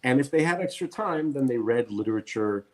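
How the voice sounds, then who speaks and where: A man's voice: medium pitch, expressive, fairly quick. A man co-hosting a podcast, speaking in a blunt, ranting way with emphatic repetitions. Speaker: podcast co-host. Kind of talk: casual opinionated chat.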